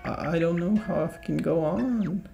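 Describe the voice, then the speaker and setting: A man voicing a grieving young paper girl companion in a video game, with a whimpering, drawn-out delivery. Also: on the high side, vocal fry, warm tone, faint music behind, voice pushed up. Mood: grief-stricken.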